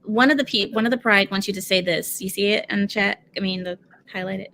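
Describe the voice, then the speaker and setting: An American woman with a mixed accent, hosting a casual chat, animated and laughing a lot. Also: mid-range voice, quick pace, creaky, a little hiss or hum. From United States. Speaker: host.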